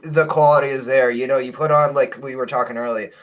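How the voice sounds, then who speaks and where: A man co-hosting a casual livestream. He delivers upbeat, chatty plugs for merch and giveaways. His pitch sits in an ordinary middle range. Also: fairly even intonation, fast talker, a bit bright, lo-fi sound. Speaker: co-host.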